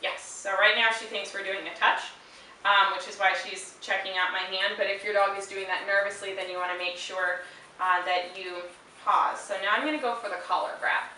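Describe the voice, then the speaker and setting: A woman dog trainer calmly explaining a handling exercise and stopping often to praise the dog in a high, chirpy voice. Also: brisk. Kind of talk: instructional demonstration. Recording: very echoey room, mic far off, faint hiss.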